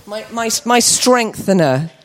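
A woman's voice: fairly high pitch, lively intonation, slow. A woman leading a church children's song session, cheerfully encouraging the kids with constant praise. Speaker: children's worship leader.

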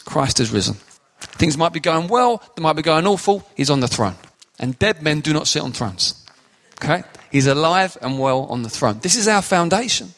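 A man's voice: mid-range voice, a bit bright. A man preaching a sermon, explaining scripture emphatically and addressing the congregation directly.

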